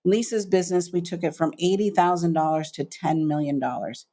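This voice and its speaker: A woman's voice: fairly low pitch, a little fast. A middle-aged woman, a business coach, telling her story as a guest on an interview podcast, emphatic and acting out what people said. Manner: animated storyteller, acts out quoted voices, emphatic.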